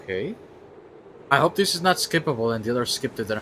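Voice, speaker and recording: A man casually commenting on a video game as he streams it, thinking aloud and sometimes yelping with excitement. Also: mid-range voice, fairly quick, slight background noise. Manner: chatty, thinks aloud, bursts into excited yelps. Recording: game music playing behind.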